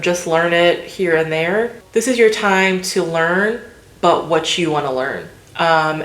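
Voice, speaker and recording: A woman vlogger chatting casually to the camera, loose and filler-heavy. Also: on the low side. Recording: roomy echo.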